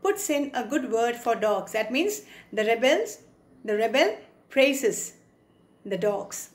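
A woman teacher with an Indian English accent reads a poem to her class in an English poetry lesson, explaining its words and sometimes acting out short quotes. Her voice is on the high side, sing-song and unhurried.

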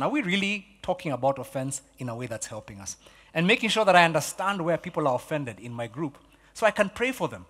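Pastor guy preaching, high bright voice, echoing church hall, gets loud then real quiet. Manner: animated, repeats key phrases, swings from loud to hushed. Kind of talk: sermon.

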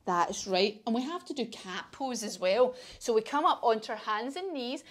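A woman's voice: on the high side, expressive, normal speed. A woman with a British accent leading a children's yoga class, telling a story in an encouraging, sing-song way. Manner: encouraging, sing-song, coaxing kids along.

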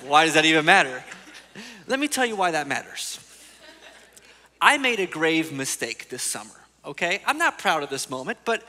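A man preaching as teaching pastor, animated and joking, acting out little voices as he tells stories. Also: on the high side. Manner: animated storytelling, acts out voices. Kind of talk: lively sermon with humor. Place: church auditorium. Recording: long church hall reverb.

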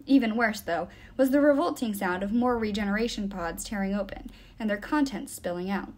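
A woman reading a novel aloud with expressive storytelling. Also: medium pitch, fairly quick. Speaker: reader.

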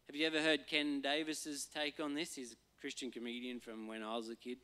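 A man, a pastor giving a relaxed, conversational sermon and acting out voices now and then. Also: medium pitch, brisk, hardly any pauses, smooth. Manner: conversational, acts out voices and quotes for humor.

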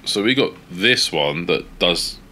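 Deep-voiced man, swearing gamer. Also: lively intonation, takes it slowly. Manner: swears a lot, shouts at teammates. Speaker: gaming streamer. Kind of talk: casual let's play commentary.

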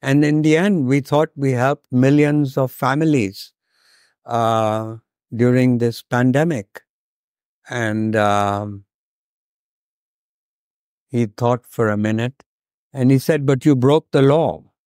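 An older man from India giving a talk, telling a personal story in a slow, deliberate way and voicing the people in it. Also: medium pitch, fairly even intonation, a little mellow, smooth, dry recording, clean studio sound. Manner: slow, deliberate, acts out quoted dialogue.

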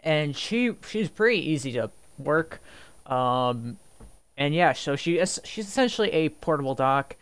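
A man's voice: fairly high pitch, lively intonation, unhurried, fairly bright tone, clear, resonant tone. A young man casually commenting on a video game as a YouTuber, rambling with many fillers and restarts. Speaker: gaming YouTuber and streamer.

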